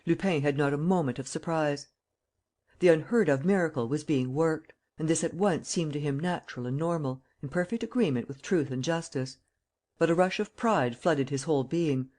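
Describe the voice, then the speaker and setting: Audiobook narrator, classic detective novel, measured, even delivery. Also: mid-range voice. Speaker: audiobook reader.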